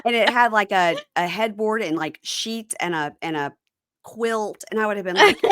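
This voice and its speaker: A woman's voice: medium pitch, normal speed, a bit bright, dry recording, studio quality. A woman guest in a casual podcast chat, blunt with wry asides.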